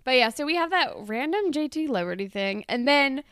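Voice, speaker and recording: A woman's voice: high-pitched, expressive, fairly quick, a bit bright, clean tone, no room sound. Chatty young woman on a dry mic. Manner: rambling with many "like"s. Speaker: podcast co-host. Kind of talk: casual chat recapping a TV show.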